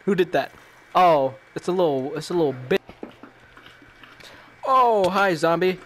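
Jumpy, high-voiced swearing gamer man. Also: animated, unhurried, fairly bright tone, a little hiss or hum. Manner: jumpy and panicky, swearing constantly. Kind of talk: reacting while playing a VR game.

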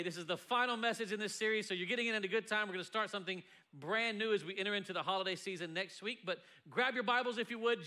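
Male pastor, high voice, bright and ringing, jokey sermon delivery. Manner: playful, joking, lively delivery with laughs. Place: church sanctuary before a congregation.

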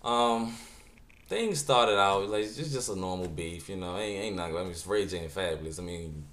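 A man talking straight to the camera in animated reaction commentary, joking and incredulous. His voice sits fairly low. A roomy echo hangs around him. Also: normal speed. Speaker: vlogger.

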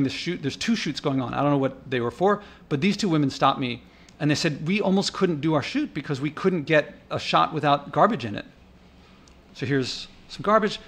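Male vlogger, slightly high voice, indignant off-the-cuff commentary, rambling with restarts. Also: a bit bright. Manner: thinking aloud, with restarts. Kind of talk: casual narrated commentary over park footage.

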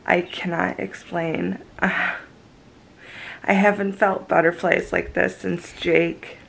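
A young woman talks straight to her viewers in a casual vlog, gushing and giggly. Her voice sits low and comes out slow, with a gravelly edge, and a faint hiss runs under the recording. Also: flat delivery, fairly bright tone, rough recording. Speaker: vlogger.

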